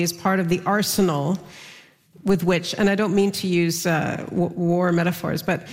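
A woman moderator steers a live panel with carefully measured questions. The sound has the long reverb of a hall. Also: mid-range voice.

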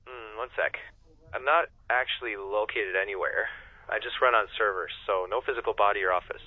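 A man's voice: lowish voice, brisk, dry recording, phone-quality sound. A synthetic male AI voice agent answering questions in a casual, upbeat customer service manner with short replies. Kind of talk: customer service phone chat.

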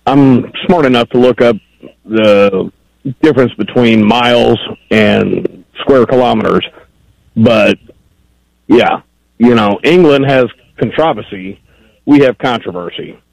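A man's voice: medium pitch, takes it slowly, gravelly, a little mellow, no echo. A man calling in to a radio show, rambling and pressing the host on a point. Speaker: caller. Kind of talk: phone-in call. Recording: dull lo-fi phone line.

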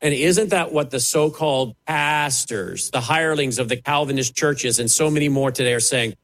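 A man's voice: mid-range voice, moderate pace, few pauses, a bit bright, low-quality recording. A man preaching, fiery and emphatic, mocking the voices he quotes. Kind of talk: preaching sermon.

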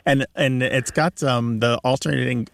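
A man's voice: mid-range voice, fairly even intonation, moderate pace, creaky, no echo, clean studio sound. A man co-hosting a radio call-in show, explaining things about words at length. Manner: explanatory, lecturing with restarts. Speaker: radio co-host, language expert.

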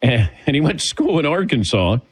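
A man's voice: fairly high pitch, big pitch swings, brisk, husky, poor audio. A man hosting a sports talk show, chatting casually and laughing often as he calls on his co-hosts. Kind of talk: casual radio show banter.

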